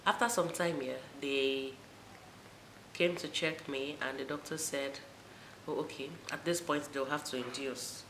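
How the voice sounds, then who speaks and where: A young woman, telling a personal story to her viewers in a casual, animated way. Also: a little slow. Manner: animated retelling, voices rising high for quoted moments. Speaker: vlogger. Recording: echoey room with faint noise.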